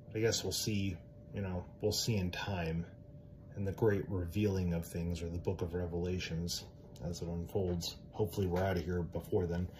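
A man's voice: deep voice, little pitch movement, moderate pace, darkish tone, slight background noise. A man giving a casual, earnest Christian talk, rambling with many fillers and restarts, and speaking in a direct way. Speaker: Christian podcaster.

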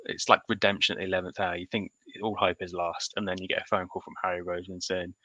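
A man's voice: sits low, flat delivery, quick pace, pushed and bright, dry recording, lo-fi sound. A man co-hosting a podcast, talking casually and animatedly about football picks, often restarting his sentences. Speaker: podcast co-host. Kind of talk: casual sports chat.

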